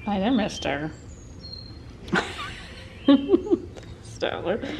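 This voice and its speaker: A woman vlogger in a cat café, cooing at the cats in soft pet talk that often drops to a whisper. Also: fairly low pitch, animated, slow pace, a little hiss or hum. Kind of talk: casual talk to pets.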